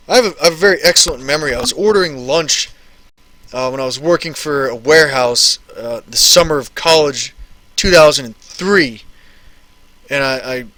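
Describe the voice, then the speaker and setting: Man, thirties, live-stream host, rambling, repeats himself, bright tone. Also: fairly high pitch, dry recording. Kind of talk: casual live-stream chat answering viewer questions.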